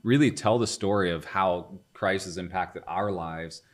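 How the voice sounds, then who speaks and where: A man talking as a podcast guest, telling stories in a relaxed, chatty way and acting out what others said. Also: low voice, measured pace. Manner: animated storyteller, acts out quoted dialogue. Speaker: guest, business owner and ministry leader. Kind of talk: casual podcast storytelling.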